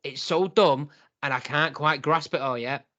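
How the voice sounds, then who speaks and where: A young man talks through a wrestling show with a friend, lively and quick to laugh. His voice sits a bit high and rings bright and forward. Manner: animated, laughs often, acts out quotes. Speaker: wrestling podcast co-host. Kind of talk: casual review chat.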